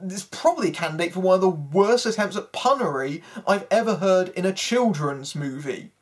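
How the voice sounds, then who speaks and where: Reviewer, breathy and husky, mid-range voice, dry sarcastic delivery of a film critique. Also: medium pitch, lively intonation, moderate pace.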